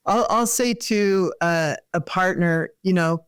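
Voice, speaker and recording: A woman's voice: lowish voice, slow, hardly any pauses, smooth. Earnest woman therapist explaining. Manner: earnest, explains with everyday examples. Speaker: therapist guest. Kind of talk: conversational interview.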